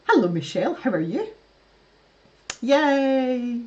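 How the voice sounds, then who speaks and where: A woman from the West Coast of Scotland with a softened West Coast Scottish accent, chatting casually on a livestream, laughing often and restarting her sentences. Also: lowish voice, highs cut off. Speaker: art livestream host. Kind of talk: casual chat reading live comments.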